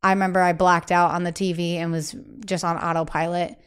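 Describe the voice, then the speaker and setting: A woman guest singer chatting casually in an interview, animated and acting out quotes in other voices, laughing often. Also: fairly low pitch, a little fast, clear, resonant tone.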